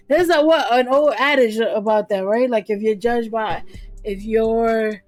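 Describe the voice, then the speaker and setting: Chatty high-voiced woman co-host. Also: slow, dry recording, soft background music. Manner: chatty, laughs often, many fillers. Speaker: commentary co-host. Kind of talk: casual commentary chat.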